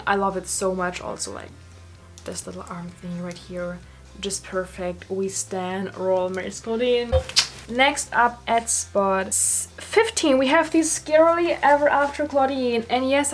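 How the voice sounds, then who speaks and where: A young woman gushing and swearing casually as she reviews dolls in a casual vlog. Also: medium pitch. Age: young adult. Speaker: doll collector vlogger.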